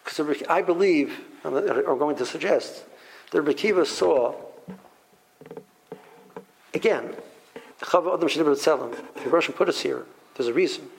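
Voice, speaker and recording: Man teaching a Torah class, animated, somewhat high voice, frequent restarts, rhetorical questions. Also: measured pace, vocal fry, long pauses, slight background noise, low-quality recording.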